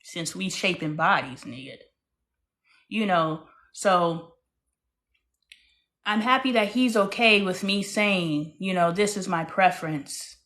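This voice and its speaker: A woman in her thirties hosting a casual live stream, speaking frankly and with animation, swinging between loud bursts and hushed asides. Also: fairly low pitch, lively intonation, takes it slowly, long pauses. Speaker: host.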